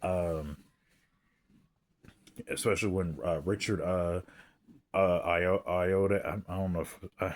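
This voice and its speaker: A man's voice: low voice, fairly even intonation, slow pace, long pauses, a little hiss or hum. A man giving a casual, rambling film review, hesitant and full of fillers and restarts. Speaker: movie reviewer.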